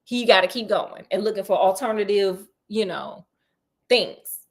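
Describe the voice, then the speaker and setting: A woman's voice: moderate pace, lightly acted. A woman voicing a cocky, bossy male detective in slangy street talk during a comedic story retelling. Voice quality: low, drawling slang swagger.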